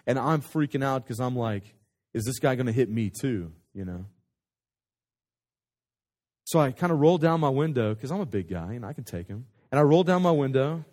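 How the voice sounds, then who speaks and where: A man telling a story in a sermon as a pastor, animated and conversational, often restarting his sentences. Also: mid-range voice, moderate pace, pauses often.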